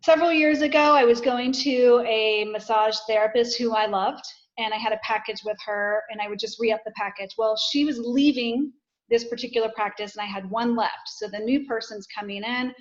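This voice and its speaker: A woman, a guest author, talks through her personal stories in a candid, self-deprecating way. Her voice sits a little high. The recording sounds dull and lo-fi. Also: fairly even intonation, brisk. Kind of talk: casual podcast conversation.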